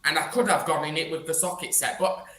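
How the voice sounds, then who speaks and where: A man's voice: on the high side, fast, pushed and bright, roomy sound. A man telling a rambling story in casual chat, acting out dialogue. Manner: rambling, acts out police dialogue.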